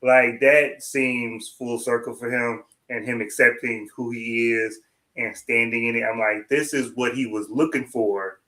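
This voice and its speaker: A man co-hosting a review show in casual chat, with a bright, forward tone at a middling pitch. He talks quickly and loosely, restarting sentences and quoting his own thoughts. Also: fairly even intonation. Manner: quick, rambling, with many restarts and quoted thoughts. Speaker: TV review podcast co-host.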